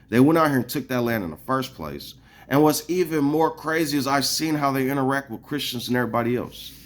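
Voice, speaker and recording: A man vlogging an angry, profane rant at his viewers, rambling and restarting his sentences as he goes. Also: mid-range voice. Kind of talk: casual ranting monologue to viewers.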